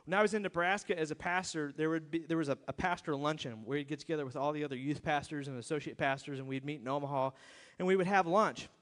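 A man's voice: fairly high pitch, quick pace, a bit bright. A middle-aged man preaching a conversational, emphatic sermon, often turning to his listeners with rhetorical questions. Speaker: pastor. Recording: long reverb of a church hall.

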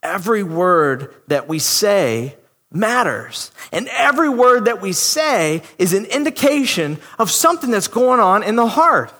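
A man's voice: high-pitched, big pitch swings, unhurried, fairly bright tone. A man preaching a sermon in a conversational, emphatic way, acting out the voices he quotes. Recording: long hall reverb.

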